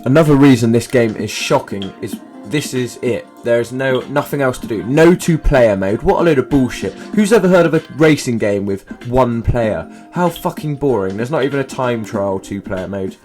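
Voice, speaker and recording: A man's voice: medium pitch, expressive, normal speed, few pauses, soft background music. A young man giving a sarcastic, profane video game review, swearing often. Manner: sarcastic, swears often, shouts in disbelief at glitches.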